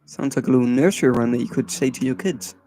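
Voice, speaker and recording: A man's voice: mid-range voice, quick pace, dark tone, slight background noise, rough recording. A man live-streaming in a casual chat, reading silly children's rhymes aloud in a playful, singsong way. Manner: playful, giggly, reads verse in a singsong way.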